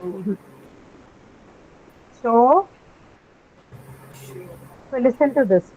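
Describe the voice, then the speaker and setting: A woman's voice: medium pitch, expressive, a little slow. A woman teaching English pronunciation in a live class, patiently spelling words letter by letter and repeating them. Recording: slightly muffled recording.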